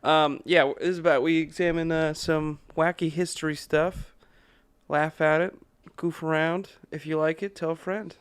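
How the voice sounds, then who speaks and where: A young man hosting a casual podcast, playful and quick to laugh. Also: on the high side, fairly even intonation, clean tone, no room sound. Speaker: podcast host.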